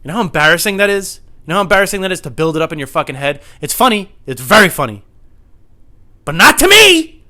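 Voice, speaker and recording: A young man telling a comedic story in a rambling, anxious way, swearing often and building up to shouts. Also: fairly high pitch, racing, few pauses.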